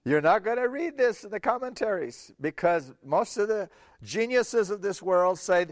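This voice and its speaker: A man preaching a sermon, telling a Bible story with animated voices for the people in it and laughing often. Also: high voice, normal speed, no echo, studio quality.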